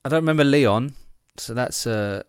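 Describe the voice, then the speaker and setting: A man's voice: medium pitch, normal speed, clear, resonant tone, dry recording. A man joining a casual chat, speaking in a dry, self-deprecating, slightly hesitant way. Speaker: guest.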